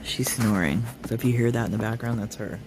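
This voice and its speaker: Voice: medium pitch, a little fast, noisy background. A streamer reacting to a clip with sarcastic, scolding commentary.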